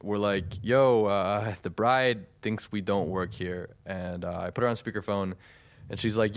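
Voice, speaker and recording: A man's voice: lowish voice, fairly even intonation, moderate pace. A young man telling a long story in a voice message, rambling with many fillers and laughing through it. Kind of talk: casual storytelling.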